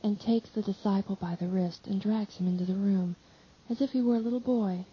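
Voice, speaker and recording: A woman reading a devotional text aloud in measured, solemn narration. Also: mid-range voice, steady tone, breathy edge. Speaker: audiobook reader. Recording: slightly dull lo-fi audio.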